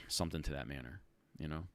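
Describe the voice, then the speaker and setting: A man hosting a casual livestream Q&A for rideshare drivers, animated and talking in fits and restarts. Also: very deep voice, fairly quick, a little hiss or hum. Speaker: rideshare channel host answering live chat.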